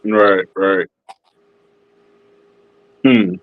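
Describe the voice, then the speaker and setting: A man's voice: on the low side, huge pitch swings, drawn-out words, vocal fry. A man chiming in on a casual podcast chat with short, laid-back reactions and easy laughter. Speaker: podcast co-host. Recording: dull lo-fi sound.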